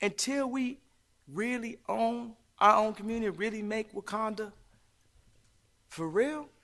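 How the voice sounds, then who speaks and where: A man's voice: sits high, measured pace, pushed and bright. A man speaking in an interview, preachy and emphatic, rambling between points with laughs. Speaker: interview guest. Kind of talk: impassioned interview talk.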